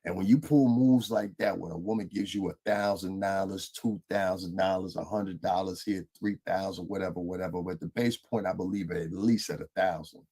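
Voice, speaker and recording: A man with gives a stern, lecturing monologue aimed at someone he addresses directly. His voice is very low and husky. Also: fairly even intonation, moderate pace, few pauses, mellow. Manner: lecturing, scolding tone. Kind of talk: commentary monologue.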